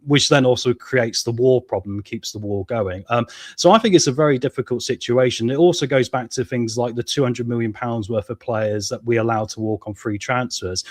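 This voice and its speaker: A man hosting a casual football fan discussion, asking his co-host pointed questions and often ending points with "right?". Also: medium pitch.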